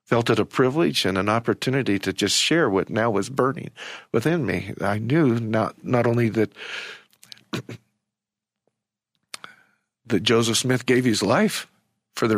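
Halting older man telling a story. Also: medium pitch, no room sound, studio quality. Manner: halting, emotional, many restarts. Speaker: interview guest. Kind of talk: personal storytelling.

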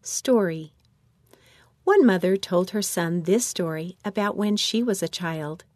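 A woman reading a children's church lesson manual aloud in a measured, instructional way. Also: on the low side, animated, a little mellow, no echo, studio quality.

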